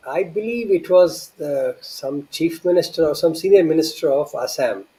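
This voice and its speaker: Man, earnest anecdotal storytelling, high voice, warm tone. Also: low-quality recording. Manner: earnest, with frequent restarts and rhetorical questions. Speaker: guest recounting memories.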